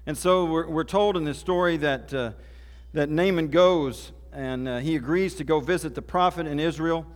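Folksy pastor in a reverberant hall. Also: male voice, on the high side, normal speed. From Oklahoma. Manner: folksy, conversational storytelling. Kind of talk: sermon.

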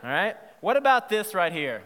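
A man preaching a sermon in a playful, lively way, quizzing his audience as he goes. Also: high-pitched, normal speed, big-room sound. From Southern United States. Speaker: pastor.

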